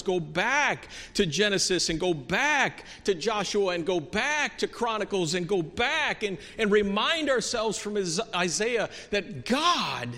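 A man preaching a sermon in a church, earnest, moving from soft, quiet stretches to emphatic peaks, with many restarts. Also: sits high. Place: church sanctuary. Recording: long hall reverb.

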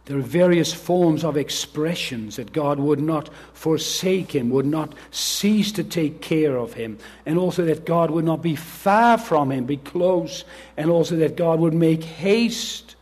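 A man's voice: fairly high pitch, measured pace, darkish tone, husky. A man preaching an earnest sermon as pastor, reading scripture and speaking directly to the children.

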